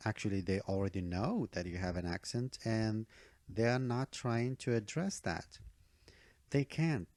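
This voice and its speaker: Male test-prep teacher, low gravelly voice, emphatic, keeps checking in with the viewer. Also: darkish tone, no echo, studio quality. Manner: emphatic, checks in with "okay?" and "all right?"; repeats key advice for emphasis. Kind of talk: online speaking-test tutorial.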